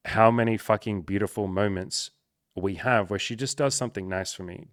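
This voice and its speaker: Low, smooth-voiced man near tears. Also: normal speed, no room sound, studio quality. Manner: candid, emotional, swears freely. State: close to tears. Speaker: coach and content creator. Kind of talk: emotional personal talk to camera.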